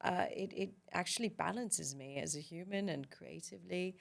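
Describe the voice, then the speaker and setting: Woman, actress guest in an interview; lowish voice with audible vocal fry, chatty and upbeat. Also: normal speed. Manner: chatty and enthusiastic, with laughs and fillers. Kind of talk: casual interview chat.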